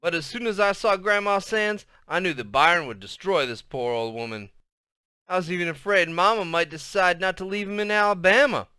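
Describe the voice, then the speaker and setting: A man reading a novel aloud as storybook narration, in a lively, expressive way. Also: high-pitched, brisk, clear, resonant tone, dry recording, studio quality. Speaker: audiobook reader.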